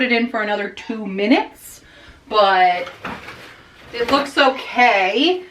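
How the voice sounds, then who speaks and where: A woman's voice: on the high side, lively intonation, slow pace, long pauses, a bit bright, a little hiss or hum. A woman filming a casual baking vlog in her home kitchen, talking playfully in a put-on accent that drops its articles. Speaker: baking vlogger.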